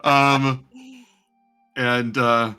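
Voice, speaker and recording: 느긋하게 진행하는 게임 마스터 남성. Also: male voice, mid-range voice, extremely slow, clear, resonant tone, soft background music. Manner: relaxed, rambling narration with fillers. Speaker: game master. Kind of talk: narrating a tabletop game.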